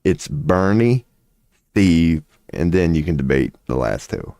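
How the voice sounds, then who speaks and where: A man with a deep, low voice rambles through a casual livestream rant. He is profane and excitable, and his voice sounds dry and close to the mic. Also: takes it slowly, no room sound. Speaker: streamer offering tarot readings.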